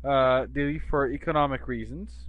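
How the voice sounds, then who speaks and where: A man teaching an English class in a relaxed, chatty way, often checking in with his listener. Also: mid-range voice, moderate pace, dry recording, phone-quality sound. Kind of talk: conversational English lesson.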